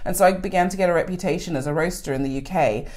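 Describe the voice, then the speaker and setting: Low-voiced, laughing woman storyteller. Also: very fast. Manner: animated storyteller, swears, laughs a lot. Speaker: podcast guest, coffee educator. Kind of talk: casual podcast chat.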